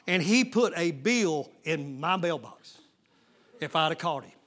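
A male pastor preaching a sermon, swelling into loud shouted passages. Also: a little high, animated, measured pace. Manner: preaching with sudden shouted surges and folksy Southern-style talk.

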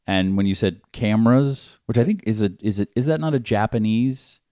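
A man's voice: lowish voice, expressive, normal speed, mellow, dry recording, studio quality. A man in casual chat who teases and keeps interrupting with jokes. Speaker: podcast co-host.

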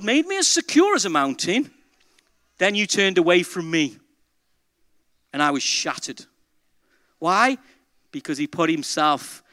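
A man preaching a sermon as pastor, his voice pitched high and bright with a forceful edge. He shifts from quiet, reflective passages to loud, joyful calls to the congregation. The sound is close and dry. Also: smooth, dry recording.

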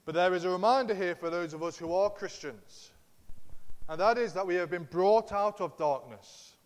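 A man's voice: sits high, normal speed. A man preaching a sermon in an earnest, emphatic way, speaking in a church hall. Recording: long reverb of a large hall.

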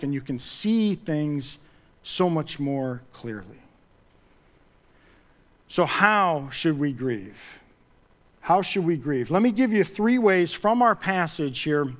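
A man's voice: on the high side, a bit bright. A man preaching a sermon as pastor, talking conversationally and building to emphatic swells with repeated phrases.

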